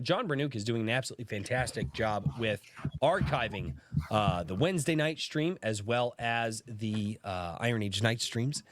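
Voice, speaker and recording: A man's voice: mid-range voice, fairly bright tone, dry recording. A man hosting a casual livestream podcast, sick with a sore throat and cough, greeting viewers by name and laughing through his coughing. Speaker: podcast host.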